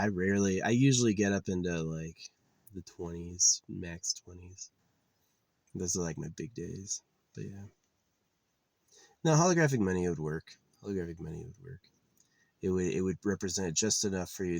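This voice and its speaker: A man with a very low voice rambles through a loose, swearing monologue, circling back on himself with lots of "like" and "uh". The sound is dry and close, with no room around it. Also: no room sound. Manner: meandering, profane, frequent fillers and restarts. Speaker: vlogger.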